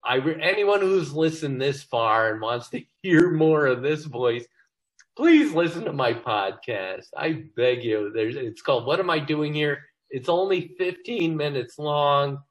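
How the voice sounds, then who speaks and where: An older comedy writer, appearing as an interview guest, tells jokey, self-deprecating stories in casual chat. His voice is a little high and expressive, his pace unhurried, and the audio quality is poor.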